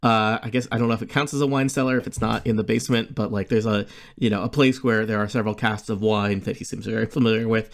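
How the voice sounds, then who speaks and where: A man narrating as game master of a tabletop game, halting often with filler sounds. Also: on the low side, steady tone, creaky.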